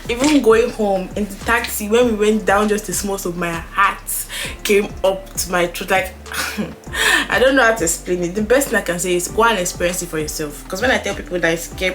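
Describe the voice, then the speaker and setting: A young woman telling a story in a casual, animated way while doing her makeup on camera, acting out the dialogue. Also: mid-range voice, brisk, faint music behind. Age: young adult. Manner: animated, dramatic retelling with quoted dialogue. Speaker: beauty vlogger.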